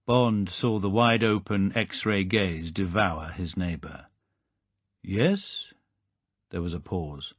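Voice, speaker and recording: A man calmly reading the narration of an audiobook. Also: deep voice, unhurried, few pauses, no echo. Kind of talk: scripted narration.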